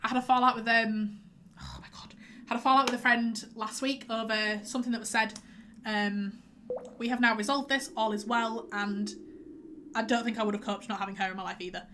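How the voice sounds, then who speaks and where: Young woman, streamer, quick rambling chat, bright voice, faint background hiss. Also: a little high, steady tone. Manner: rambling, chatty, many um fillers, reads out chat messages. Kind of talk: casual chat while streaming a game. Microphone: headset.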